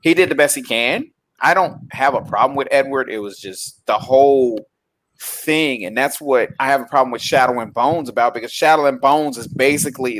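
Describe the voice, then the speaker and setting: A man's voice: mid-range voice, fairly bright tone, slight background noise. A man co-hosting a casual chat about films and shows, teasing and rambling through asides. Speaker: podcast co-host.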